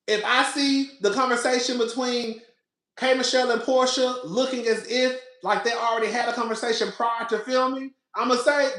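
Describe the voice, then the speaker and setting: This podcast host has a very high-pitched, slightly bright voice with a steady tone, moving at a moderate pace. Sassy and quick to laugh, he chats casually about reality TV, repeats himself, and calls listeners "girl," with an echoey room around him.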